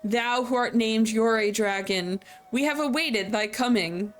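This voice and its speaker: A woman voicing an ancient dragon, reading its archaic lines slowly and formally. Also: fairly high pitch, soft background music, natural voice. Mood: solemn. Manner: slow, measured, formal old-fashioned phrasing. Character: ancient solemn dragon speaking archaic English.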